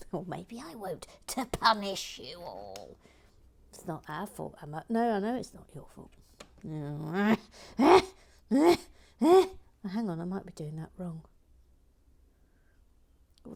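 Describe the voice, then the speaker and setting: A woman hosting a LEGO building channel, chatting casually and playfully as she builds and reads out viewer messages, often dropping into soft whispers and muttering to herself. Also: lowish voice, vocal fry. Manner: hums and mutters while working.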